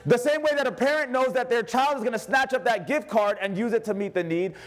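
High-voiced man preaching a sermon. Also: a little fast. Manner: animated preaching, acting out quoted voices. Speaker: pastor. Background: congregation responding.

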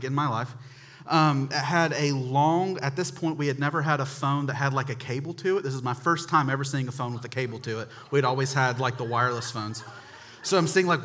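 A man's voice: mid-range voice, pushed and bright. A man from North Carolina preaching a humorous sermon, telling chatty stories and speaking directly to the congregation. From North Carolina, USA. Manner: chatty storytelling, addresses the crowd directly.

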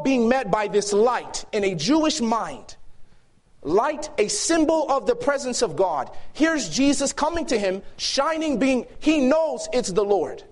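A man preaching a sermon to a youth gathering, emphatic and shifting between loud and hushed delivery. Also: very high-pitched. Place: youth camp meeting hall.

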